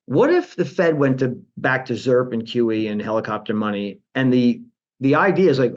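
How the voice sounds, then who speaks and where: A man talking as a guest in a financial interview. His pitch sits in the middle range. He talks in an animated way, restarts his sentences often and acts out other people's voices to mock them. The audio sounds dull and lo-fi. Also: normal speed. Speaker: guest, portfolio manager.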